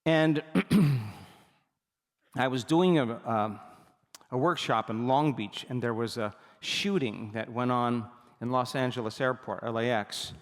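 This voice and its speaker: A man giving a motivational seminar talk, telling stories with animated energy and often checking that the audience is with him. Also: medium pitch, measured pace, long reverb tail. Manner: animated storytelling, repeatedly asks the audience for agreement. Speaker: seminar speaker.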